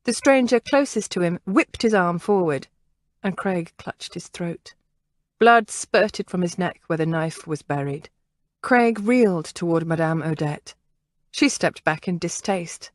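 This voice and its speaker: A woman audiobook narrator reads a historical novel from a script in a measured, expressive way. Her voice is fairly low, and the sound is clean studio audio with no room sound.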